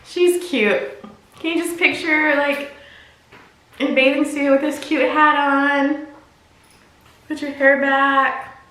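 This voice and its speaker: Woman reviewer, high voice, chatty and gushing, boomy distant room sound. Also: steady tone, slow pace, pauses often, bright, forceful tone. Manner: chatty and gushing, talks to the clothes. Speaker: clothing subscription box reviewer. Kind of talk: casual unboxing and try-on chat. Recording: echoey room, mic at a distance.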